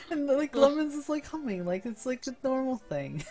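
A woman's voice: high-pitched, a little mellow. A young woman chatting as a player in a tabletop role-playing game, laughing often. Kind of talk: casual tabletop role-play chat.

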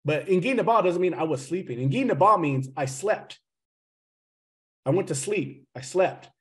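A man's voice: fairly high pitch, animated, a little slow. A man teaching a language class over a video call, teasing his students and explaining grammar with jokes. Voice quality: teasing, joking, addresses the class as "guys".

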